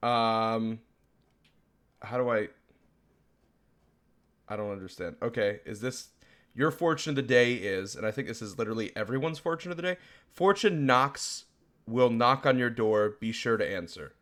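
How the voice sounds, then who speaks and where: A man co-hosting a casual podcast, ranting in an exasperated, animated way and laughing at himself. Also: mid-range voice, normal speed, pauses often. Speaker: podcast co-host.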